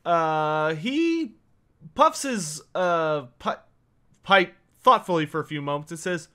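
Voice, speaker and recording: A man narrating as game master of a tabletop game, halting often with fillers. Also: fairly high pitch, animated, bright, forceful tone. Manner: halting, lots of uh.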